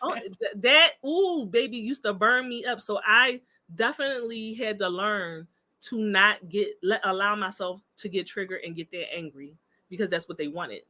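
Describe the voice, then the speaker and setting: A woman on a podcast, telling stories in a lively, emphatic way in casual chat. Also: mid-range voice, moderate pace, rough recording. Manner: animated, emphatic storytelling. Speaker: podcast guest discussing relationships.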